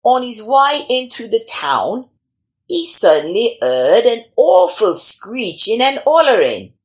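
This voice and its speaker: A woman reading a folk-tale picture book aloud in an expressive, animated way. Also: fairly high pitch. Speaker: storyteller. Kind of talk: storybook read-aloud.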